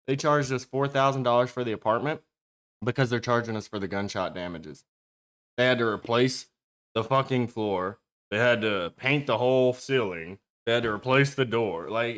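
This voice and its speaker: A male streamer talking casually to his chat from a home green-screen setup. He rambles and swears freely, in a mid-pitched, everyday voice. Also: fairly bright tone. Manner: profane, rambling, talks straight to chat.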